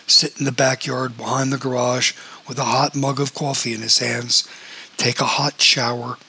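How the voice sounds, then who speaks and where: A man narrating a novel as an audiobook, in a steady storytelling manner. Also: mid-range voice, husky, rough recording.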